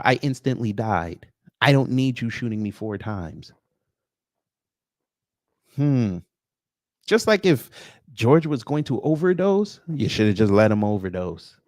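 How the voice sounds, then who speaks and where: A male livestreamer calls out chat viewers by name and responds with a sarcastic, mocking edge. His voice is medium in pitch with a darkish tone, and the audio is dry and studio-clean.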